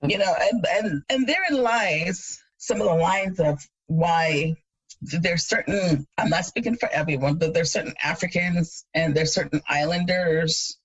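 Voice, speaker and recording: A woman in her thirties from Jamaica, co-hosting a podcast and chatting casually, an animated storyteller who laughs often. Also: lowish voice, unhurried, breathy edge, no echo, highs cut off. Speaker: podcast co-host. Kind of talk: casual chat.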